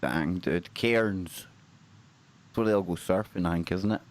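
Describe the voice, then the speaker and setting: A Scottish man with a deep voice speaks in an unhurried way. He co-hosts a paranormal livestream, chatting casually and upbeat, and often repeats phrases for emphasis.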